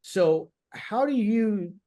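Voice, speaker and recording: A male host asking questions in a relaxed interview, stopping and restarting as he works his way through them. His voice sits a touch higher than most men's. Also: drawn-out words. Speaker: host, improviser. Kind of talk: casual interview.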